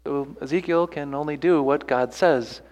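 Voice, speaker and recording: Man, pastor, sermon, earnest, rhetorical questions, fairly high voice, long reverb. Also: moderate pace, darkish tone. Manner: earnest preaching with rhetorical questions and repeated phrases.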